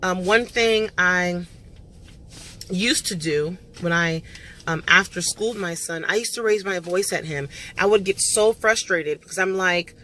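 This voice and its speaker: A woman in her thirties talks straight to other parents in a relaxed, encouraging way, pausing on um as she gathers her thoughts. Her voice sits on the low side, and a faint background noise runs under the recording. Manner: earnest and encouraging, with many um fillers. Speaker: homeschooling parent vlogger. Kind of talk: casual motivational talk to parents.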